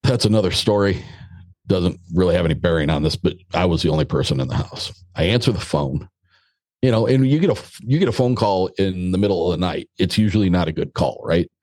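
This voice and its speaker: A man's voice: low voice, animated, brisk, darkish tone, no echo. A middle-aged American man, a podcast guest, telling a story in a casual, blunt and joking way, with some mild swearing.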